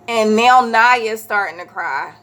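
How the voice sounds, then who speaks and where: A woman, chatting casually as a vlogger and telling a story with animated quoted voices. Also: on the high side, slow pace.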